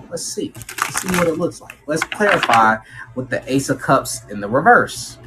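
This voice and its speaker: A man talks through a tarot reading in a loose, slangy way, acting out what people might say. His voice sits at a middle pitch but moves a great deal. There is a faint hiss of noise behind him. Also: poor audio. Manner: slangy and animated, acts out quotes. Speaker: tarot reader. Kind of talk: casual tarot reading monologue.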